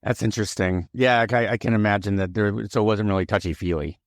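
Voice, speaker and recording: Low-voiced male podcast host. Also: fast, no room sound, studio quality. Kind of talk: conversational interviewing.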